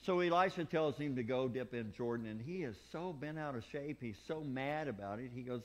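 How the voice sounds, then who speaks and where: A male preacher delivering a revival sermon, rising from quiet asides to loud shouted peaks and acting out the people he quotes. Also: brisk, few pauses. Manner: animated preaching, swings from low asides to loud shouted climaxes; acts out quoted people in voices. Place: church sanctuary.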